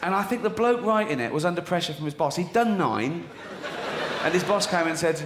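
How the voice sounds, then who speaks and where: A middle-aged comedian on stage, his voice fairly high and swinging widely as he mocks and swears in disbelief. The room is echoey, and a clear wash of audience noise hangs behind him. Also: expressive, a little fast. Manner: incredulous, mocking, swearing. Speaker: stand-up comedian. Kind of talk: stand-up routine. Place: stage in a theatre with audience laughter.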